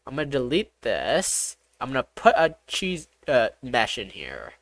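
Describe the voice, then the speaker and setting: A game developer streaming live, talking through each step aloud, excitable and swearing often. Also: medium pitch, unhurried, dry recording. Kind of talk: live-streamed coding commentary.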